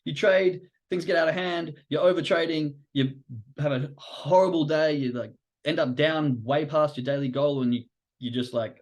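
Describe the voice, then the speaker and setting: A man's voice: a little high, steady tone, moderate pace. A man hosting a live stream on trading psychology. He talks casually and animatedly, swears now and then, and acts out inner voices. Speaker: host.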